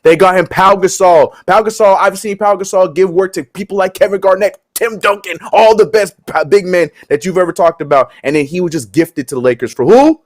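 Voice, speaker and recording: A man hosting a casual sports talk segment, animated and joking as he talks. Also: high voice, a little fast, hardly any pauses. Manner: animated, laughing, joking asides. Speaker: sports show co-host.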